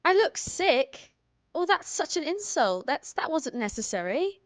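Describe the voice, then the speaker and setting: A woman's voice: sits high, very animated, unhurried, dry recording, pitched above the performer's own voice. Young woman doing a hammy fake British voice, mock-offended, close and dry. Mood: mock-indignant. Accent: put-on British. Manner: theatrical, mock-indignant.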